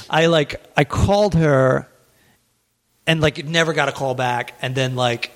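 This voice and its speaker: A man's voice: fairly high pitch, animated, slow pace. A man hosting a podcast and telling a long story in a loose, rambling way. He is a stand-up comedian, laughs often, and fills his talk with "like". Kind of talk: casual storytelling chat.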